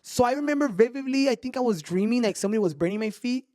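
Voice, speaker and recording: Fast-talking high-voiced man telling ghost stories. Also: no echo, clean studio sound. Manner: animated, swears a lot, mixes in Spanish slang. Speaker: podcast host. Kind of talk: casual storytelling chat.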